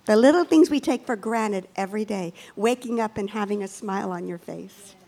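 A woman preaching a sermon, animated and emphatic, with self-deprecating asides. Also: mid-range voice, moderate pace, creaky. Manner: animated, with lively swings in emphasis.

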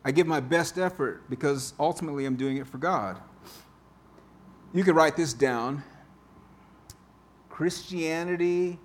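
Slow-speaking male pastor preaching. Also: on the high side, slight background noise. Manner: conversational, repeats key phrases for emphasis. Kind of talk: sermon. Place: church sanctuary.

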